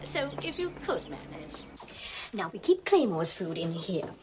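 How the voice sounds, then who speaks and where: An actress playing a snobbish, bragging upper-class neighbour, talking in an affected, condescending way. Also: female voice, mid-range voice, big pitch swings, a little slow, background noise. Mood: instructing primly.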